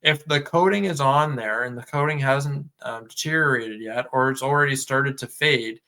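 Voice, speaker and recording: A podcast co-host with a medium-pitched voice talks at a normal speed. He's relaxed and loose, uses lots of filler words, and acts out conversations with customers.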